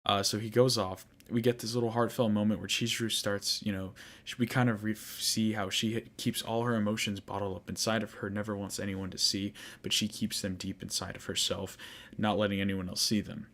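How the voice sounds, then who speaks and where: Low-voiced young man recapping anime. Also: level tone, fairly quick, fairly bright tone. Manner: rambling, frustrated, many fillers and restarts. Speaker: podcast host. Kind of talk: casual anime recap monologue.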